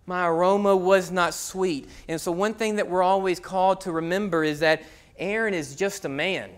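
Animated high-voiced pastor telling a story. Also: male voice, normal speed, clean tone. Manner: animated storytelling, acts out shouts and hushed asides. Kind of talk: sermon with personal story.

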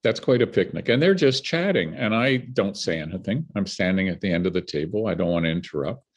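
Brisk and breathy-edged, a low male voice belongs to an older Canadian filmmaker. Guesting in a conversational interview, he tells stories with animation, acting out whoever he quotes.

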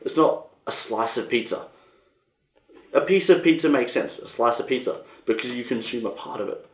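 A young Australian man hosting a casual solo podcast, rambling and animated, swearing freely. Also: mid-range voice, normal speed, echoey room. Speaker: podcast host.

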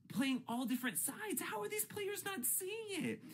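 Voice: medium pitch, lively intonation, a little fast, few pauses, slightly rough. A YouTuber in a profane, exasperated rant about a reality TV show, swinging from grumbling to shrieks. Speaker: YouTube ranter.

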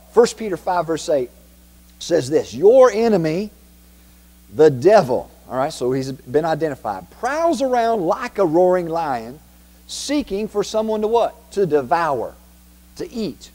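A man's voice: on the high side, mellow, slightly rough. Emphatic male pastor preaching in a reverberant church. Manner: emphatic, repetitive, rhetorical questions to the congregation. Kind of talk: sermon. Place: church sanctuary. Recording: long reverb from a church hall.

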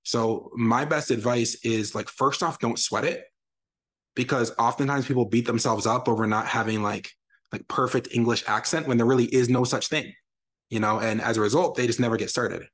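A young adult man, a reading educator, giving a lively online lesson for parents and answering their questions. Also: medium pitch, normal speed. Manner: energetic, explains with sound examples. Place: lives in Texas.

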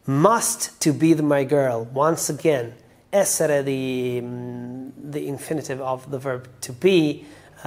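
A man with an Italian accent walks learners through song lyrics one piece at a time, in the careful manner of a language teacher. He talks at an unhurried, drawn-out pace, and his voice sits at an ordinary middle pitch. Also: gravelly, darkish tone. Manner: careful, step-by-step explaining.

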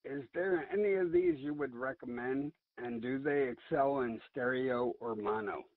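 Man hosting, gravelly voice, lively pitch, tinny call audio. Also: normal speed, no echo. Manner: asks questions, brief agreeing replies. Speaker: podcast host. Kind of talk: casual interview chat. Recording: dry phone-like call audio.

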